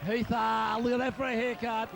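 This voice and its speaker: A hoarse Australian man commentating excitedly outdoors at a football ground, calling out players' nicknames for a home video. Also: very high-pitched, normal speed, over a noisy crowd. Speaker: club supporter narrating home video.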